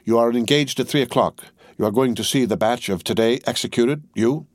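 A man reading the part of a stern, ruthless middle-aged female revolutionary, speaking in a cold, commanding, deliberate way. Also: mid-range voice, no echo, clean studio sound, pitched above the performer's own voice, natural voice.

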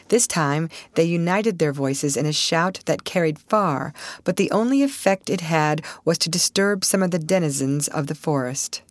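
Expressive woman audiobook narrator, dry close mic. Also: deep voice, moderate pace, few pauses, no echo. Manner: expressive, varied reading. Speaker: audiobook reader. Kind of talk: scripted narration.

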